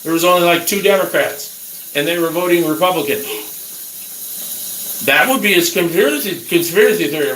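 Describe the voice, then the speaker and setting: A man's voice: a little high, animated, normal speed, a bit bright. A middle-aged man ranting crudely and angrily at his viewers in a casual talk. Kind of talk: casual rant. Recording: roomy echo, faint background noise.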